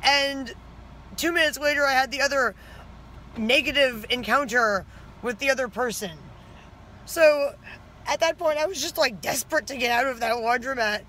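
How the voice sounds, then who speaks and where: Sharp-toned and high-voiced, a woman speaks at an ordinary pace against slight background noise. It's casual vlog narration recorded outside her home, where she goes over her day in a talkative, annoyed manner full of "like" fillers.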